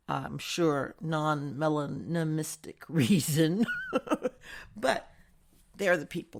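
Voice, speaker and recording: Woman from the United States, political commentary host, sarcastic, chatty, lower voice, gravelly. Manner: sarcastic, chatty, laughs often. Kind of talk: casual opinion monologue.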